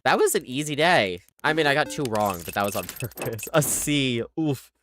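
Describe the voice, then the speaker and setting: A game streamer in casual live-stream commentary, chatty and playful, reacting out loud to the game. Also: medium pitch, sing-song, normal speed, a little hiss or hum. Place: home streaming setup.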